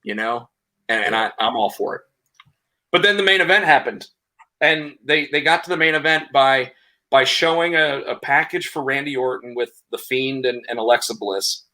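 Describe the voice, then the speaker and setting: A man co-hosting a casual podcast, retelling events in a rambling, animated way with lots of restarts. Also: medium pitch, normal speed. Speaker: podcast co-host. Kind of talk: casual chat, recapping wrestling.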